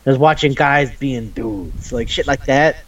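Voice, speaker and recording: A man co-hosting an anime podcast in casual chat, retelling scenes in an excitable, profane way. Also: mid-range voice, a little slow. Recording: dull lo-fi audio.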